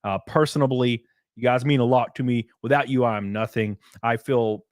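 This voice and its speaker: A man hosting a livestream, chatting and ranting in a blunt, profane, animated way. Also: mid-range voice, normal speed, no room sound, clean studio sound. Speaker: livestream host. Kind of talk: casual livestream chat and rant.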